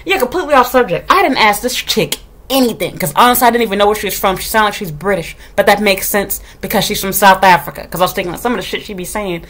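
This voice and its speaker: A kindergarten teacher vents to her viewers in casual chat, telling the story bluntly with plenty of swearing and acting out what other people said. Her voice is medium-pitched with a fairly bright tone, and her manner is sassy and profane.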